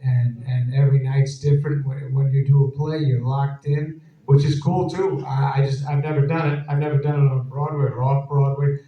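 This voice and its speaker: A man's voice: mid-range voice, flat delivery, moderate pace. A man telling laughing, rambling anecdotes to a live audience in an event hall. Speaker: actor guest at a Q&A. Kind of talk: casual storytelling on stage. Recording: echoey dull hall sound from far off.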